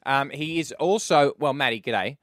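A man hosting a breakfast radio show, joking through quick banter with co-hosts and a guest. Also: mid-range voice, a bit bright, no room sound, studio quality. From Australia. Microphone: studio microphone.

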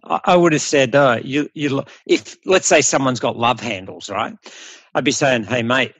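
Blunt Australian man, animated coach talk. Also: mid-range voice, normal speed, slightly rough, no echo. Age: middle-aged. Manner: blunt, animated, swearing freely. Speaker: health coach guest. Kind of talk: casual podcast conversation.

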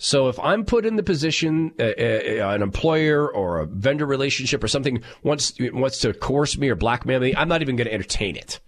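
A middle-aged man hosting a talk radio show, telling stories and reading listener texts in a loud, animated way. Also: medium pitch, fairly quick, hardly any pauses.

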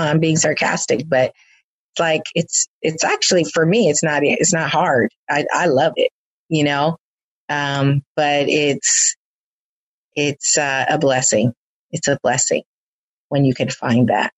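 Low-voiced woman hosting a casual chat. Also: measured pace, dry recording, poor audio. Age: older than the young dancers. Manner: rambling, warm, many fillers and restarts, playful. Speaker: host and dance team leader. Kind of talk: casual conversation.

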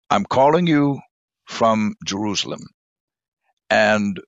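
Bishop guy sharing a testimony, deep fry in his voice, gets real quiet when it hits hard, kinda dull flat recording. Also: no echo. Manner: emotional storyteller, voice drops low and soft at moving moments. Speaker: church bishop. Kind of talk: personal testimony in conversation. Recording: dull lo-fi dry sound.

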